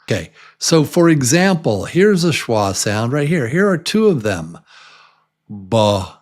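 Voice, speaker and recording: A man's voice: on the high side, big pitch swings, measured pace. A man teaching English pronunciation to beginners, patiently repeating each word many times for learners to copy. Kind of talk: slow beginner pronunciation lesson.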